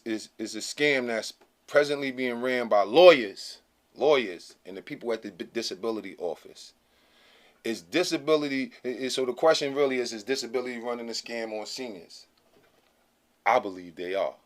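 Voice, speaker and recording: A man hosting his own channel, talking casually to camera in a blunt, slangy, emphatic way that keeps checking in with "okay?". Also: medium pitch. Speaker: channel host.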